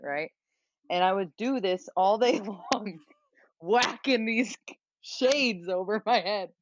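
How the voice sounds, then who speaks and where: A woman telling a story as a podcast guest, animated and laughing at herself. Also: medium pitch, no echo. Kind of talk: casual storytelling. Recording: dull dry lo-fi recording.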